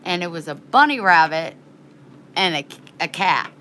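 A woman's voice: on the low side, animated, moderate pace, pushed and bright, a little hiss or hum, rough recording. A woman chatting in a casual vlog, rambling and frank, getting worked up and indignant, with casual swearing. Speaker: vlogger.

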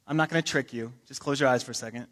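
A man's voice: medium pitch, rapid-fire, a bit bright, long reverb tail. A man preaching a sermon, talking in a casual way with joking asides and reading scripture with emphasis. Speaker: pastor. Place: church sanctuary.

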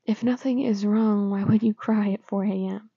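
A woman voicing a gentle, caring teenage boy who coaxes softly in whispers, in a whispered role-play. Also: mid-range voice, steady tone, normal speed, creaky, breathy edge, no room sound, muffled recording. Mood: coaxing. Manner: soft, coaxing, whispering.

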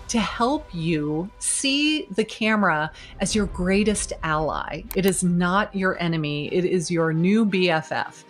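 Speaking straight to camera, a video marketing coach in her fifties delivers a motivational talk that is energetic, emphatic and encouraging. Her pitch sits fairly low.

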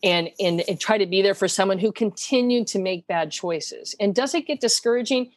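Brief: middle-aged woman, earnest storyteller, dry booth sound, mid pitch. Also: moderate pace, no echo. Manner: earnest storyteller acting out quoted lines. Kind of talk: conversational faith podcast.

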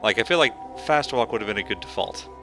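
A man's voice: on the low side, lively intonation, quick pace, sharp tone, soft background music. A man streaming a video game, chatting casually and joking at the characters as he plays. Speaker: gaming streamer. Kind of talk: casual let's-play commentary.

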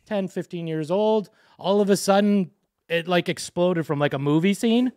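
Animated high-voiced man telling a story. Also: normal speed, no echo, studio quality. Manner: animated storyteller, swears a lot. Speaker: podcast co-host. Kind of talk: casual chat, storytelling.

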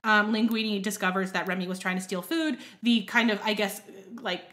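A woman's voice: mid-range voice, brisk, fairly bright tone. A woman co-hosting a podcast in casual film discussion, chatty and hedging, with frequent fillers. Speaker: podcast co-host.

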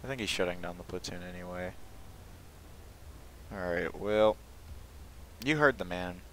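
A young man talks through his match in a slow, low-pitched drawl, dry and self-mocking. He swings into exasperated complaints when things go wrong. A faint hiss runs underneath his voice. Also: fairly bright tone, poor audio. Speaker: gaming commentator. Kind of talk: casual gameplay commentary.

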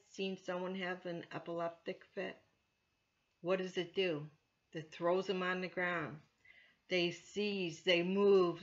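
Woman elder chatting thru a bible passage, lots of you know, bright voice, kinda muffled recording. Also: fairly low pitch. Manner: conversational, many "you know" fillers, earnest. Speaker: church elder teaching scripture. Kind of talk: informal Bible teaching. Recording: dull lo-fi recording.

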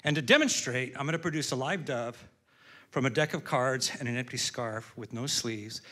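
A man's voice: mid-range voice, moderate pace, pushed and bright. Chatty man hosting a comedy show. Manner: chatty, jokey, working the crowd. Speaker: comedy show host and magician. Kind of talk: stand-up comedy storytelling. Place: stage in a live comedy venue.

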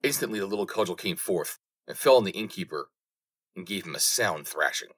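Low-voiced male storybook narrator. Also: expressive, fairly bright tone, husky. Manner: measured storytelling. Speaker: audiobook narrator. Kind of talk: fairy tale audiobook reading.

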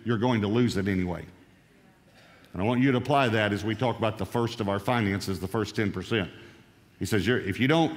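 A male preacher teaching through a Bible passage, explanatory and emphatic on key phrases, played as a sermon clip. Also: mid-range voice. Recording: sermon clip with long hall reverb.

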